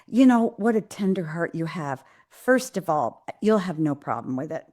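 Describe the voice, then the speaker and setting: A woman's voice: lowish voice, very animated, moderate pace, hardly any pauses, a little mellow. A woman hosting a live Q&A, answering viewers' parenting questions in an earnest, direct way with frequent ums and restarts. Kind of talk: live Q&A advice talk.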